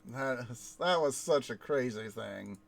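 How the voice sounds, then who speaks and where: A man's voice: mid-range voice, expressive, a little slow, gravelly. A man streaming a city-building game, chatting casually and telling a rambling story full of fillers and restarts. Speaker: gaming streamer. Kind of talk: casual let's-play chat and storytelling.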